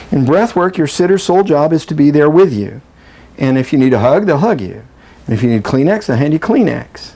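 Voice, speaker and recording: A middle-aged man lectures a workshop group in a lively, joking way, slipping into the quoted voices of frightened children and upset spouses. His voice sits a little high for a man. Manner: animated, acts out quoted voices, jokey asides. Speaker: breathwork workshop presenter.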